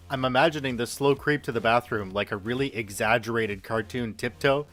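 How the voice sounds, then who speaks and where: A man reads stories for his podcast in a lively way and gives the quoted speakers a touch of voice. His pitch sits in the middle range. Quiet music plays under him. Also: fairly quick. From Canada. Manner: lively reading, acting out quoted lines. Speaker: host reading stories. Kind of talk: reading online stories aloud.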